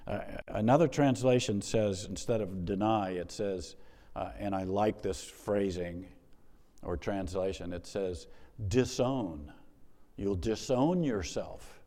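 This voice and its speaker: A male pastor delivers a lively, conversational sermon, building lines through repetition and playful asides. His voice is fairly low and warm. A long reverb from a large church hall trails after him. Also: a little slow.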